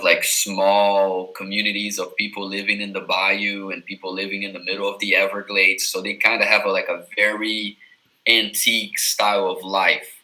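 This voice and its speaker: A man's voice: fairly low pitch, sharp tone, low-quality recording. A man from Miami, a native English tutor, talking loosely in a casual live chat, full of "like" and "you know". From Miami, USA.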